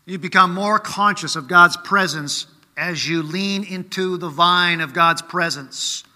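A man's voice: sits high, a little slow, sharp tone, big-room sound. A man preaching a sermon in a conversational way, often checking in with rhetorical questions.

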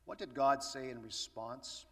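Male preacher, bright voice in an echoey hall. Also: mid-range voice, fairly even intonation, a little slow, distant mic. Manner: conversational, asks the audience rhetorical questions. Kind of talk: sermon.

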